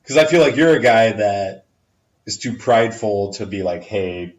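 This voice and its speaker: A man's voice: fairly low pitch, animated, normal speed. A man in a casual podcast chat, giving frank, candid advice to a friend and swearing freely. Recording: roomy, distant, dull lo-fi audio.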